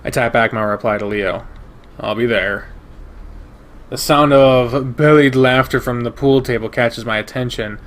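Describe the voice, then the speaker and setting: A man reading a visual novel aloud in first person, steady and measured. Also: medium pitch. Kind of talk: first-person narration of a game.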